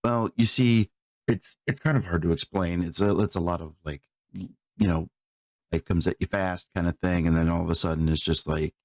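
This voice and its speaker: A man's voice: low voice, steady tone, brisk, darkish tone, no echo. A man making a comedic apology as a guest, rambling and hesitant with lots of filler. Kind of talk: comedic sketch chat.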